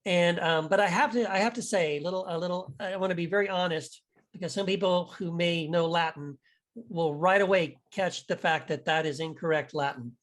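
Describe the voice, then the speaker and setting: A man's voice: high-pitched, fairly quick, fairly bright tone. Candid, rambling male author. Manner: candid, rambling, self-deprecating, laughs easily. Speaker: author and podcast guest. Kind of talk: casual interview conversation.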